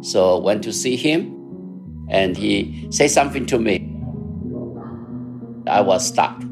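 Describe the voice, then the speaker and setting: A man in his seventies from Taiwan with a Taiwanese accent, recalling his past in an interview with halting, unhurried speech and many fillers. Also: fairly low pitch, expressive. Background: music.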